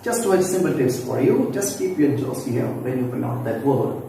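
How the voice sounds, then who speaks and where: A man teaching phonetics in a video lesson, explaining slowly and repeating himself with many asides. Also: medium pitch, expressive, creaky, mellow. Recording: very echoey room, distant mic, faint noise.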